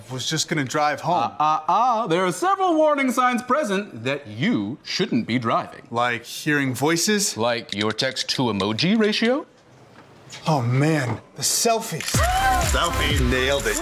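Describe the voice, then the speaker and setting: A man's voice: on the high side, fairly bright tone, a little hiss or hum. An actor in a scripted road safety ad, voicing a man's nagging subconscious. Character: adult man playing a drunk driver's nagging subconscious.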